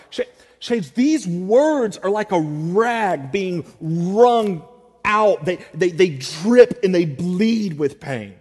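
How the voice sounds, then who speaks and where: A man's voice: high voice, expressive, slow pace, a little mellow, husky. A male pastor, preaching a heartfelt sermon. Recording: long reverb of a large hall.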